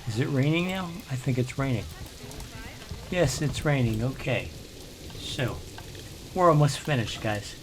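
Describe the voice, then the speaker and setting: A man's voice: medium pitch, animated, measured pace, long pauses, background noise. An older man, rambling through casual gameplay commentary with grumbling asides. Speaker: let's play host.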